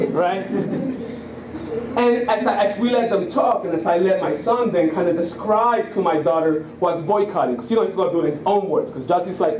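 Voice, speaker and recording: Man, 30s, from Puerto Rico, high-ish voice, chatty speaker style; echoey room. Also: animated, brisk, darkish tone, distant mic, slight background noise. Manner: conversational storyteller, keeps asking "right?". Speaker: guest speaker. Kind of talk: public talk. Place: lecture room.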